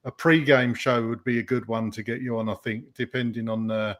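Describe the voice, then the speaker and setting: A man co-hosting a podcast, speaking in an appreciative, rambling and halting way. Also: medium pitch, fairly even intonation, a bit bright. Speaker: podcast co-host. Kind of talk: casual chat.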